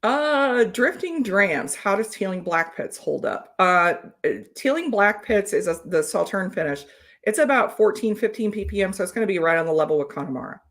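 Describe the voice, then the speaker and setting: A woman's voice: mid-range voice, lively intonation, normal speed, a bit bright. A woman hosting a live whiskey tasting, chatting casually and explaining technical details. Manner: informative, reads out viewer comments, lists technical whiskey details. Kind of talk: casual chat, live stream.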